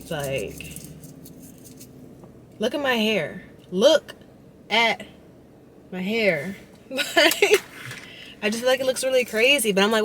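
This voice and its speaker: A woman's voice: mid-range voice, measured pace, long pauses. Chatty woman vlogging from her car. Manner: chatty, animated, frustrated storytelling. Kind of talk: casual chatty vlog. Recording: loud road and car noise. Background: car and traffic noise.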